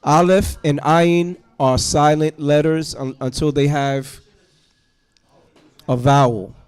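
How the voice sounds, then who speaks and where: A man teaching a Hebrew class to students in a classroom, going through the alphabet letter by letter in a slow, patient way. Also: a little high, steady tone, a little mellow, smooth.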